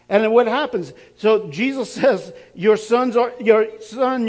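A man's voice: high-pitched, normal speed, hardly any pauses. A man preaching a sermon, laughing now and then and building up to emphatic, repeated lines.

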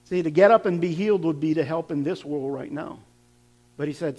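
A man's voice: fairly high pitch, brisk, darkish tone. A man preaching a sermon, laughing now and then and building up to emphatic, repeated lines.

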